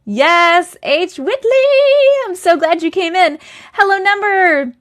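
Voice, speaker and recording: Her voice is extremely high-pitched, a bit bright and slow, with lively intonation. This Long Island, New York woman runs a casual TikTok live chat, chatty as she catches up with viewers and greets them by name in a rising lilt.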